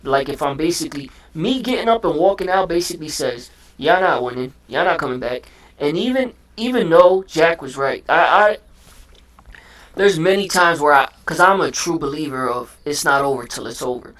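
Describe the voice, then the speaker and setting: Slangy talk show guy, kinda high voice, gets hyped and acts out lines. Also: normal speed. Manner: animated slang-heavy talk, acts out what he would say. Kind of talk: casual chat.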